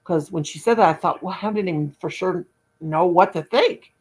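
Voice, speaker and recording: Poor audio captures a woman whose lowish voice has a darkish, slightly rough tone at a normal speed. Hosting her crochet channel, she spins a lengthy personal story casually and folksily, rambling through long run-on anecdotes.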